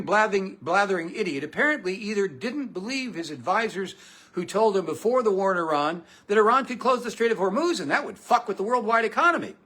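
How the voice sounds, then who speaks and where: A man's voice: high-pitched, bright, forceful tone. A man hosting a comedic political talk show, sarcastic and profane. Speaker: political commentator and show host.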